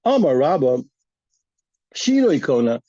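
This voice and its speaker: A man teaching a daf yomi Talmud class, animated and emphatic, often repeating words as he builds his point. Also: a little high, a little slow, dry recording. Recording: dull, lo-fi, dry.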